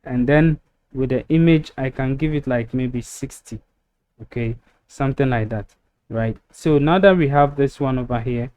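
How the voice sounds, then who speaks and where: A man's voice: medium pitch, warm tone. A man walking through a website-building tutorial step by step, narrating over a screen recording with frequent ums. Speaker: web design tutor.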